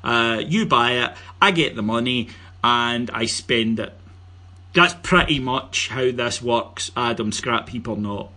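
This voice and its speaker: A man's voice: mid-range voice, unhurried, pushed and bright. A middle-aged man with a Scottish accent hosting a podcast, joking and bantering as he reads out announcements. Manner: joking, banter-heavy, promotional. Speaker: podcast host. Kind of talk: casual podcast chat.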